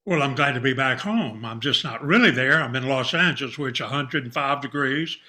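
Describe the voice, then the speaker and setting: A man's voice: medium pitch, brisk. A man, a producer and director, chatting casually as a guest on a radio show. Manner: friendly, relaxed. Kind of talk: casual interview chat.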